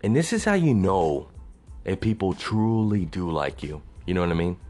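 A man's voice: low-pitched, big pitch swings, normal speed, darkish tone, soft background music. A young man from Texas, ranting bluntly and profanely in a casual venting monologue. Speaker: vlogger.

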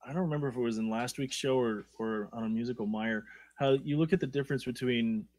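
A man's voice: mid-range voice, fast, a little mellow, no echo. Casual man co-hosting a podcast, dry sound. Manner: conversational, checks in with "right?". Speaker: podcast co-host.

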